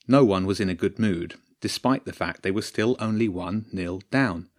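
A man narrates a story at an even, measured pace. His voice sits on the low side, and he reads clearly.

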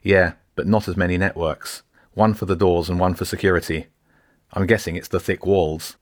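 Curious schoolboy, careful and explaining, low-voiced, read by a man in a dry audiobook. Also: steady tone, normal speed, no echo, close to an everyday voice. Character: teenage schoolboy, curious and cautious.

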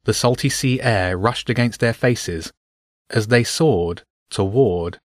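A man narrating a children's adventure story aloud with an expressive reading. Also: on the low side, slow pace, no echo, studio quality.

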